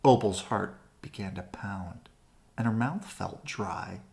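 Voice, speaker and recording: A woman gently and expressively reading a children's picture book aloud. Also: a bass voice, slow pace, gravelly. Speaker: storybook reader. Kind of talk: children's read-aloud narration.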